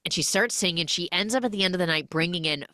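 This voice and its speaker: A woman hosts a recap podcast, telling a film's plot in an animated, chatty way full of asides. Her voice sits low for a woman. It sounds close and dry. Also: quick pace, dry recording. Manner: animated storytelling with casual asides. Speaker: podcast host.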